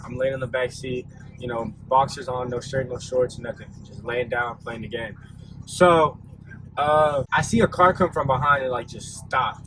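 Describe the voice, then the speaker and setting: A man's voice: mid-range voice, a bit bright, poor audio. Laid-back young man rambling a story. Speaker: vlogger. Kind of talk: casual storytime vlog. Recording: audible background noise.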